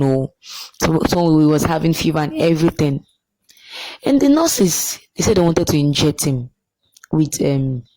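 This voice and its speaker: A woman's voice: sits low, mellow, rough recording. A woman with a Nigerian accent giving casual, emotional news commentary, repeating herself for emphasis and slipping into pidgin.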